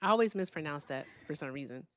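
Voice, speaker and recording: A woman's voice: deep voice, expressive, quick pace. A woman hosting a live call-in debate stream, blunt and profane, brushing callers off.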